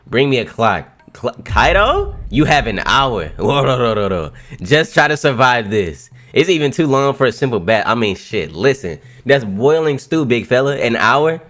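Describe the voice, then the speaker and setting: Excitable man reacting live to manga. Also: mid-range voice, normal speed, hardly any pauses, faint music behind. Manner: excitable, profane, laughs often, reacts loudly.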